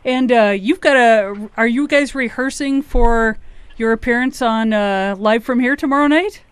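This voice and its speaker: Chatty Minnesotan radio host, smooth voice. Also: mid-range voice, a little slow, no room sound. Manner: chatty, playful, laughs easily. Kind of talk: casual radio interview.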